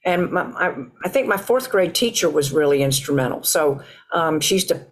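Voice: medium pitch, animated, moderate pace. Hesitant, reflective author answering questions. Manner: hesitant, many restarts and ums.

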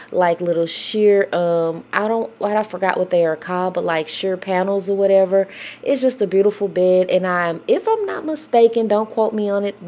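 A woman's voice: medium pitch, mellow. A woman, chatting emotionally to her viewers in a casual vlog. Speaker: vlogger, mother.

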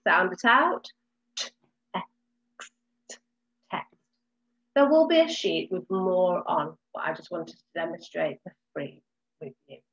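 A woman teaching a recorded phonics lesson to young children, sounding out words slowly and clearly. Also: on the low side, sing-song, fairly bright tone, dull audio. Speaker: reception class teacher.

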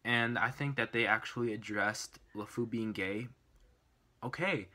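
Bright-voiced young man reviewing a film. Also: fairly low pitch, fairly even intonation, normal speed. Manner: enthusiastic, rambling with fillers. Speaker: movie reviewer. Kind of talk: casual movie review.

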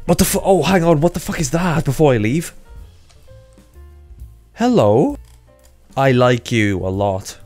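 A man's voice: medium pitch, brisk, hardly any pauses, a little mellow, faint music behind. A young man playing online games with a friend, swearing and grumbling in casual chat. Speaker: gaming YouTuber. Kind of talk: profane casual gameplay chat.

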